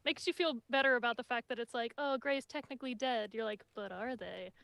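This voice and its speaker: A woman hosting a casual review chat over a home video call, excitable and chatty, with many fillers. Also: a little high, brisk, gravelly, no echo. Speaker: podcast host.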